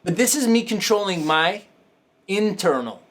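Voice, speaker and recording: A man's voice: high-pitched, expressive, moderate pace, fairly bright tone. A man hosting a coaching talk show, speaking casually and emphatically, repeating himself for effect and swearing freely. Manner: emphatic, repetitive, profane, laughing asides.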